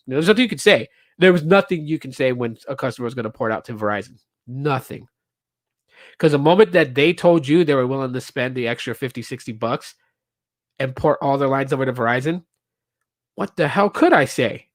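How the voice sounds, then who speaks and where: Speaking a little fast with lively intonation and a medium-pitched voice, this male podcast host tells rambling stories on his casual solo show, complete with fillers and restarts. He voices the customers and reps he quotes, and the studio-quality audio carries no room sound.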